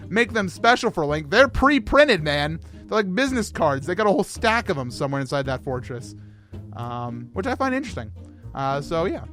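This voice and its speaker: A man hosting a casual livestream discussion about a game, excitable and rambling, often laughing at himself. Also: high-pitched. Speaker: host.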